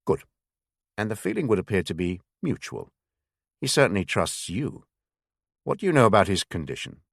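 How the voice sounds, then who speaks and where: A man reading a senior male spymaster who speaks slowly and very properly in an audiobook. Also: fairly low pitch, big pitch swings, vocal fry, no room sound, studio quality, exaggerated voice. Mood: grave. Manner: slow, very proper. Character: senior male spymaster, older, measured, formal.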